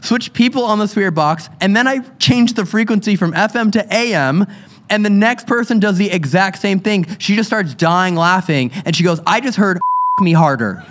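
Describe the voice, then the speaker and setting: A man hosting a live paranormal show on stage, telling a story in an animated, excitable way and laughing often. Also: sits high, normal speed. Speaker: paranormal investigator podcast host.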